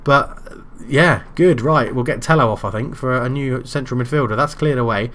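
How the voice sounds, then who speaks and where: British guy narrating his football sim, goes loud and excited at the goals. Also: medium pitch, normal speed. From Britain. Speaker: gaming YouTuber. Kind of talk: game commentary.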